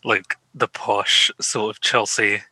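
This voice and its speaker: Uk guy co-hosting a podcast, laid-back and jokey, very bright voice. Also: lowish voice, slow, low-quality recording. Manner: relaxed, joking, laughs often. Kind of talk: casual chat.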